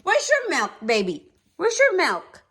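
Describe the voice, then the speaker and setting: A woman's voice: very high voice, wildly swooping pitch, unhurried, a bit bright. A mother reading a picture book aloud to her toddler, playful and repetitive, often stopping to ask the child about animal sounds.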